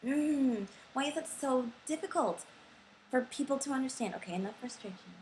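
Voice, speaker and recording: A woman's voice: high-pitched, animated, moderate pace, darkish tone, low-quality recording. Young woman venting on her vlog, blunt and sweary, sore throat, little hiss behind her. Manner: frustrated, blunt, swears freely. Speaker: vlogger. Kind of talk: casual vlog rant.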